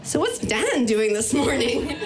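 A woman with an Irish accent telling a personal story, lively and acting out the people she quotes. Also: high voice, a little slow, crowd noise. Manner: lively, acts out other voices in quotes. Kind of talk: personal story told to an audience.

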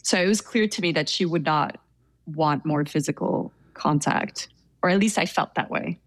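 Soft-spoken woman telling a story, hedging. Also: sits low, moderate pace, dry recording. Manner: hesitant, with many hedging fillers; self-described introvert. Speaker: interview guest. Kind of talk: casual storytelling.

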